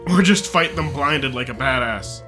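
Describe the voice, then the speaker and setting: A man's voice: medium pitch, normal speed, over music. A young man chatting casually with friends while they play a video game, joking and retelling scenes with animation. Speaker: co-host. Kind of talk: casual gameplay chat.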